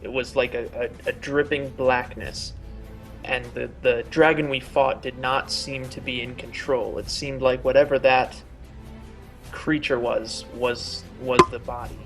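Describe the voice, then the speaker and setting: A man's voice: mid-range voice, steady tone, unhurried, fairly bright tone. A man voicing an earnest, proud paladin who introduces himself with grand titles, over faint music.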